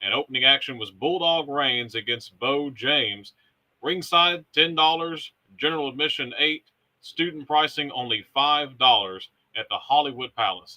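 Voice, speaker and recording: A man hosting a wrestling show, giving a brisk, upbeat recap of old match cards and chatting with his co-host. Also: mid-range voice, sharp tone, poor audio. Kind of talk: scripted recap narration and casual chat.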